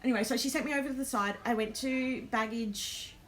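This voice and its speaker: A woman's voice: a little high, a little fast, a bit bright, slight background noise. An Australian woman hosting a live stream, telling a travel story in a chatty way, with lots of ums and nervous laughs.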